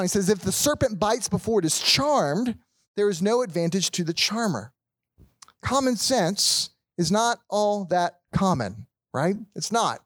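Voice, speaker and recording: A preacher working through scripture verse by verse, with a voice that sits at a middle pitch. The sound is dry and close, with almost no room around it. Restarts and frequent "right?" check-ins keep it conversational. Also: no room sound. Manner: asks "right?" to check in with listeners, repeats words when restarting; reads scripture aloud, then explains it slowly. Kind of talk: expository sermon.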